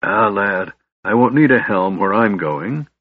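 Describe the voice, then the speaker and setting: A man doing Flint, a gruff grumpy old dwarf. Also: fairly low pitch, expressive, measured pace, no room sound. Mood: grumbling. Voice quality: gruff, irritable. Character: grumpy old seasick male dwarf, stubborn. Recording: slightly dull, dry recording.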